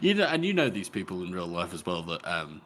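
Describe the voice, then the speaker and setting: A man's voice: low voice, very animated, fairly quick, fairly bright tone, slight background noise. A man co-hosting a book podcast, talking casually with many fillers and hesitations. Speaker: podcast co-host.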